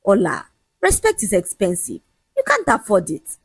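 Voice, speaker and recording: A scornful young man who brushes off his fiancée and lectures her in a quick, mocking rush, voiced by a woman. The voice sits high and husky. It is recorded close and dry. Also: huge pitch swings, no echo, full character voice. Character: arrogant cheating young man, dismissive and shameless.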